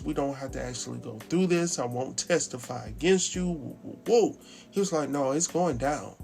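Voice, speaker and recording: A man's voice: fairly high pitch, a little mellow. A man giving a casual episode recap, retelling scenes in a chatty way with quoted dialogue and his own asides. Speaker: TV recap host.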